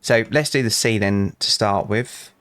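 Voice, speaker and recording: In an unhurried, fairly low and fairly bright voice with no echo, a young British man commentates a game casually. As a gaming channel host, he chats to customers in his let's play and rambles through anecdotes, dropping dry asides.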